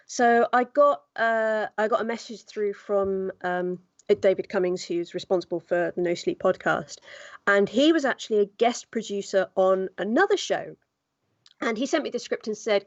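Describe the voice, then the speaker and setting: A woman's voice: medium pitch, moderate pace, dry recording, dull audio. A woman voice actor chatting casually on a podcast, with many fillers. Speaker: guest voice actor.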